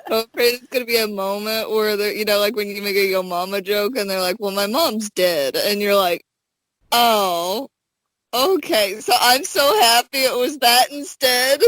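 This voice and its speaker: Woman from arkansas, no southern accent, dry close sound, animated podcast co-host. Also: medium pitch, brisk, hardly any pauses, dry recording. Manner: animated, acts out quoted dialogue. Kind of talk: casual chat.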